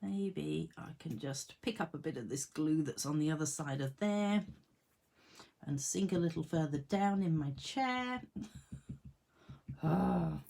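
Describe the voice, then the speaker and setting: A woman's voice: sits low, lively intonation, measured pace, creaky, long pauses, darkish tone. A woman demonstrating card making in a casual tutorial at her home craft desk, chatting to herself and her tools and laughing at her own jokes.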